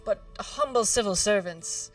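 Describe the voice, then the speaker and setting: A woman's voice: medium pitch, unhurried, natural voice. A woman voicing a theatrical young nobleman with a pompous, formal manner. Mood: grand. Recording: distant mic, faint music behind.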